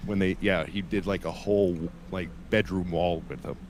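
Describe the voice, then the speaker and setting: A man's voice: sits low, fairly even intonation, normal speed, noisy background. A man in his forties co-hosting a livestream, reminiscing in a laid-back way with dry humor. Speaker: stream co-host. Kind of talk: casual chat.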